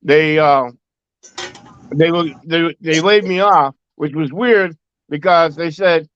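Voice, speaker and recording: A man telling a story in casual chat, halting and stammering with repeated restarts. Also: fairly high pitch, clear, resonant tone, no room sound. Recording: dull, lo-fi dry audio.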